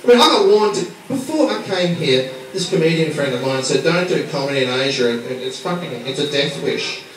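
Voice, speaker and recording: A man's voice: fairly high pitch, expressive, brisk, noisy background. A man from Australia doing a stand-up routine, brash and sweary, teasing the crowd. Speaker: stand-up comedian. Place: small comedy bar. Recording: echoey club from far off, crowd laughter.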